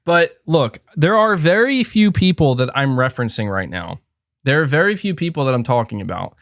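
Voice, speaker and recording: Man, podcast host, casual rambling chat, lively swooping pitch, fairly high voice, dry close sound. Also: moderate pace, no echo. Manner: rambling, self-reflective, frequent fillers and restarts.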